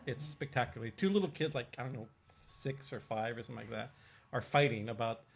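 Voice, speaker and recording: A man, a swami giving an informal religious discourse, telling stories in a chatty way with frequent laughs and restarts. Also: medium pitch. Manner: chatty storytelling, laughs often, many restarts. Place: temple hall.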